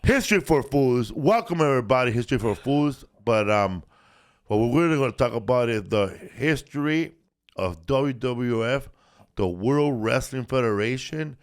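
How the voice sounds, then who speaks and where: A man's voice: mid-range voice, animated, normal speed, smooth. A man co-hosting a casual podcast, rambling and swearing with lots of restarts and fillers. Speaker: podcast co-host.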